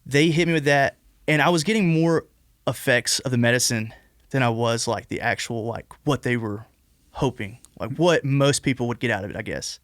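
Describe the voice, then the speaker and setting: Rambling through a lengthy personal story, a podcast guest in his twenties keeps saying "like" and restarting his sentences. He speaks at a medium pitch and moderate pace with a fairly bright tone, and the studio-quality recording has no echo.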